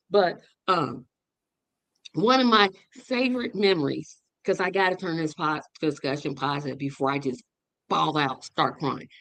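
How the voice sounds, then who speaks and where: A woman hosting a memorial livestream, telling stories with animated, rising quotes. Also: moderate pace, dry recording. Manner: animated storytelling, voice jumps high when quoting. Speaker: podcast host. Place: online stream.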